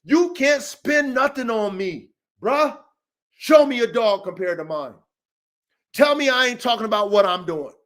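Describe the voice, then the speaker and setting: A man with a high voice for his sex, hosting a dog-training podcast. He rants in a heated, confrontational way, swearing freely and repeating himself for emphasis. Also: expressive, measured pace, a bit bright. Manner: profane, repetitive, confrontational. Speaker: dog trainer and show host.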